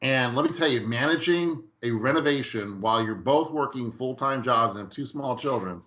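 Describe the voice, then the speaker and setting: Bright-voiced man telling animated stories. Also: medium pitch, moderate pace. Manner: animated storyteller acting out quoted dialogue. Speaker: guest real estate investor. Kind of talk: storytelling in a podcast interview.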